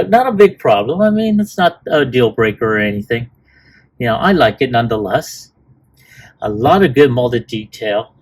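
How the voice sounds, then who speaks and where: Man, mid-range voice, unhurried toy-review host who rambles and restarts a lot. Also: medium pitch, slight background noise. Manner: rambling, many fillers and restarts. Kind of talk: casual unboxing review.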